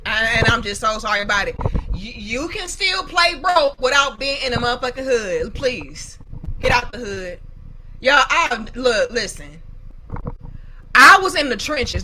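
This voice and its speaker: Young woman, high voice, bright edgy tone, profane, dramatic storytelling. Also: slight background noise, rough recording. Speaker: commentary channel host. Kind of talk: casual commentary on viewer comments.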